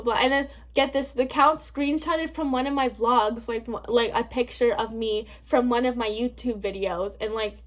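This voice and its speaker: A young woman vlogging a casual storytime rant, sassy and blunt, swearing freely with lots of "like". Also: sits high.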